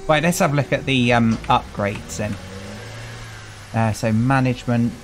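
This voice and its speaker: This is casual let's-play commentary from a British man who runs a gaming channel, his mid-range voice moving at normal speed as he wryly chats and greets in-game characters. There's slight background noise and the recording is rough.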